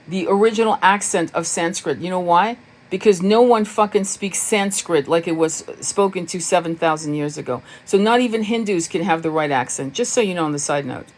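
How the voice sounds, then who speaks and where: A woman hosting a spiritual live stream. She answers viewers' comments in a blunt, casual way, swears freely and often laughs. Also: lowish voice. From United States.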